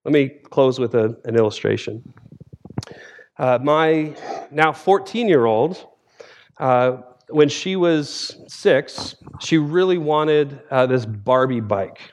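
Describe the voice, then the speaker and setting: A man in his forties, a theology professor preaching a sermon as guest speaker, telling stories in a lively way and acting out scenes. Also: mid-range voice, takes it slowly. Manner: lively storytelling, acts out scenes.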